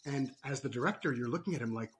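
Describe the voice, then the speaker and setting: Animated man telling stories on a podcast. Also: medium pitch, quick pace. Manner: animated storytelling, frequent "right?" tags. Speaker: podcast guest, performance coach. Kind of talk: podcast interview.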